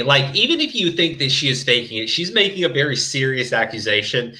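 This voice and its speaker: A man's voice: mid-range voice, sing-song, a little fast, sharp tone, poor audio. A man co-hosting a stream, giving casual reaction commentary in a blunt, profane way with stammering restarts. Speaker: stream co-host.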